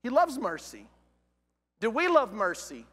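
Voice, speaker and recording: High bright-voiced preacher in a reverberant hall. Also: male voice, a little slow. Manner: animated, rhetorical questions, rising emphasis. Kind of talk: sermon. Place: church auditorium.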